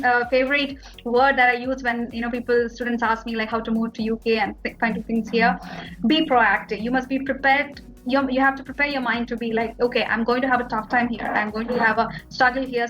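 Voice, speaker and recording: Chatty young Indian woman, slightly high voice. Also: a bit bright, poor audio. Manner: chatty, fillers like "like" and "you know". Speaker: interview guest, international student. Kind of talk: casual interview chat.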